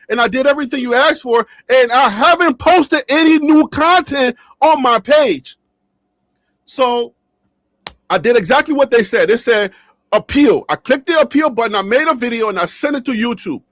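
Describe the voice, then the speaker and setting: Man, sports vlogger, very high voice, animated and jokey, laughs a lot, dry close sound. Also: normal speed, no room sound. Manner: animated, joking, laughs often, repeats himself. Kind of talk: casual talk to camera. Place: his own studio.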